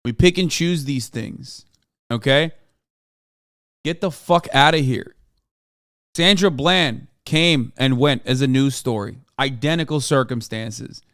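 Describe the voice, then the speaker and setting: A man's voice: medium pitch, slow pace, a bit bright, dry recording, clean studio sound. A man streaming a reaction, ranting angrily and emphatically with heavy profanity. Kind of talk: heated livestream reaction commentary.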